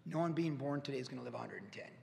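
A man's voice: medium pitch, creaky, slight background noise. A man in his fifties, a pastor giving an earnest, storytelling sermon in a church. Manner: earnest, storytelling, pauses and restarts. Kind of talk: conversational sermon. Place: church sanctuary. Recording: echoey church hall.

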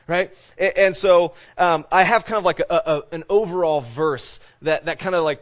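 A male pastor gives a sermon in a relaxed, conversational voice that sits a little high. He rambles with fillers and asides as though chatting with his flock. The sound is dull and lo-fi. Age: adult parent of children.

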